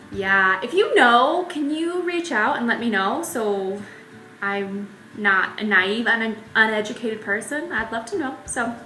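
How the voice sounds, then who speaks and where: Faint music and room echo surround a young travel vlogger as she chats casually about her trips and laughs a lot. Her voice sits on the high side and sounds pushed and bright.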